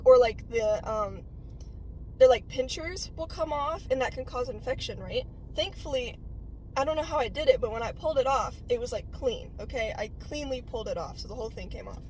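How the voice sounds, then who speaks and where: A woman's voice: high voice, a little mellow, a little hiss or hum, rough recording. A young woman vlogger telling a childhood story in a casual, chatty way, full of fillers and "right?" check-ins.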